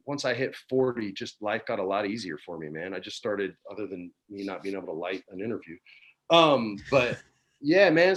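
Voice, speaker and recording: Laid-back man in his forties. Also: mid-range voice. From New Mexico, USA. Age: 40s. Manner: laid-back, peppers talk with "man" and "dude". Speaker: guest. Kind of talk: casual storytelling chat. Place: his home.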